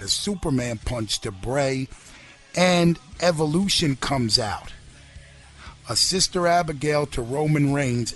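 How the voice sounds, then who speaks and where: A man hosting a casual wrestling podcast, giving a brisk play-by-play recap. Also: medium pitch. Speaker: podcast host.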